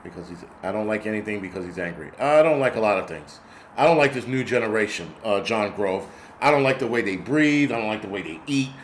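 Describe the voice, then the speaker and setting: A man's voice: lowish voice, animated, a little fast, a little hiss or hum. A middle-aged man hosting a casual livestream, ranting bluntly with lots of swearing and reading viewer comments. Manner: profane, blunt, rambling rant.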